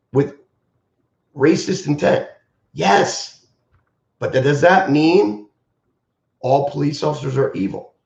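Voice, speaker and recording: A man's voice: on the high side, gravelly, a little mellow. A man who teaches martial arts, speaking on a live stream in an impassioned, emphatic way and repeating his key phrases. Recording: roomy, dull lo-fi stream audio.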